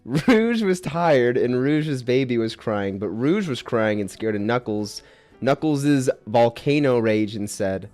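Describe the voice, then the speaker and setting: Man, comic story narration, giggly, stumbles, lively pitch, faint music. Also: slow pace. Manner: giggly, stumbles over words. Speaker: narrator and creator. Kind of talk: comic reading of a fan story.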